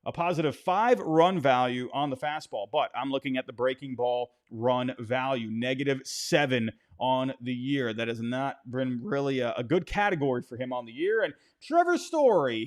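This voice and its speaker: Guy doing a chatty ball game recap, lots of uh and restarts, middle pitch. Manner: chatty, loose, frequent fillers and restarts. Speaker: baseball recap host.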